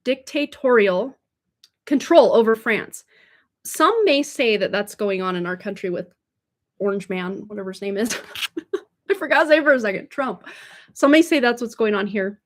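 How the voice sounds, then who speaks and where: A woman's voice: mid-range voice, animated, moderate pace. A woman giving a casual livestream tarot reading, chatty and rambling, tripping over words and laughing them off. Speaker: tarot reader. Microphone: livestream mic.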